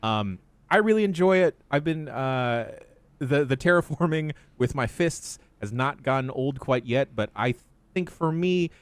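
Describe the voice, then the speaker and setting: A man's voice: mid-range voice, animated, a little slow, clean tone, no echo. A man hosting a podcast in casual chat, laid-back and swearing freely as he tells anecdotes. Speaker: podcast host.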